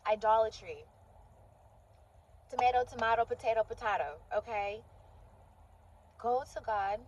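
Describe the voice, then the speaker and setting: A woman's voice: sits high, a little hiss or hum, low-quality recording. A woman giving informal preaching to her listeners, stressing points by repeating phrases and calling them honey and sweetheart. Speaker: Christian faith speaker.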